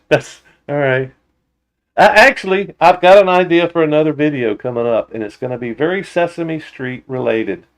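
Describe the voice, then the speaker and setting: Chatty man rambling through a livestream. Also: fairly high pitch. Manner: rambling, halting restarts, frequent laughter, reads viewer comments aloud. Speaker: motorcycle channel host. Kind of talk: casual livestream chat.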